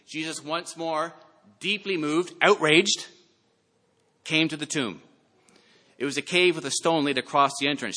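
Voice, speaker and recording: A male pastor preaching a sermon, reading scripture aloud with dramatic emphasis and loud calls. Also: a little high. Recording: long hall reverb.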